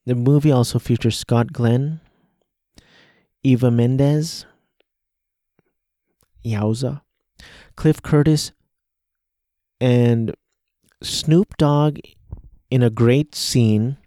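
A man's voice: medium pitch, extremely slow, pauses often, mellow, no room sound, clean studio sound. A man hosting a casual solo podcast, talking through a movie he watched, rambling and hesitant with many restarts. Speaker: podcast host.

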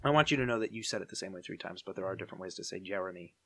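A man's voice: low voice, rapid-fire, fairly bright tone, slight background noise. A young man co-hosting a casual chat podcast, playful and fond of mimicking cartoon lines. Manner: playful, quotes cartoon lines in put-on voices. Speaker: podcast co-host.

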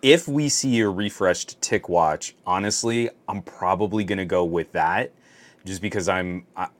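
Man, podcast co-host, very low voice, wry, conversational. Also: measured pace. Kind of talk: casual tech podcast chat.

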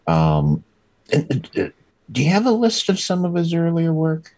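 A man's voice: fairly high pitch, huge pitch swings, measured pace, a little mellow, no echo. A man chatting casually as co-host about film, hesitant with frequent restarts. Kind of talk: casual chat.

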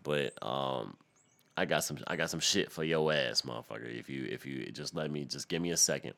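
Deep-voiced stuttering man ranting loudly. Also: normal speed, vocal fry. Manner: loud, swearing, repeats words. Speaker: podcast host. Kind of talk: profane comedic rant.

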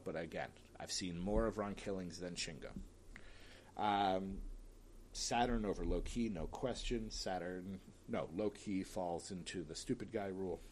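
A man's voice: on the low side, darkish tone, slight background noise. A man talking casually on his own, picking winners of wrestling matchups with chatty, opinionated asides and the odd sigh. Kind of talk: casual solo commentary.

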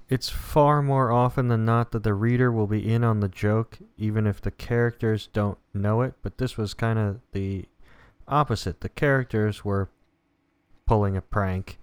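Male co-host, smooth resonant voice, calm and dry-humored, close dry recording. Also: medium pitch, dry recording. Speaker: podcast co-host. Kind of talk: casual comic book review chat.

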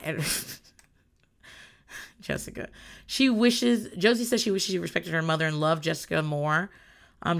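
A woman's voice: low voice, vocal fry, fairly bright tone. A woman in casual chat, recapping a reality show in a blunt, rambling way and swearing often.

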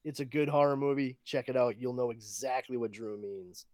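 A man co-hosting a casual podcast, retelling a horror comic in an animated way with quick asides. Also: medium pitch, no room sound, studio quality. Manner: animated storyteller, quick asides, laughs often. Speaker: podcast co-host. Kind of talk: casual comic book review chat.

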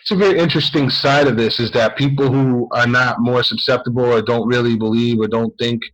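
Guy rambling thru a story on his podcast, voice not high not low. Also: fairly even intonation, brisk, a bit bright, rough recording. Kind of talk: casual storytelling chat.

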